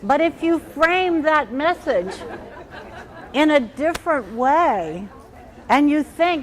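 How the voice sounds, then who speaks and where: A woman trainer giving an animated workshop talk, acting out little quoted inner voices as she explains. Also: sits high, takes it slowly, some chatter behind, rough recording.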